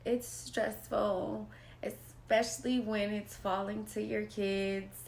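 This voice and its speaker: A woman speaking as a mother in a personal vlog monologue, slow and emphatic, repeating phrases for weight and sometimes dropping to a near whisper. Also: mid-range voice, level tone, creaky, a little mellow, slight background noise. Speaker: mother sharing personal experience.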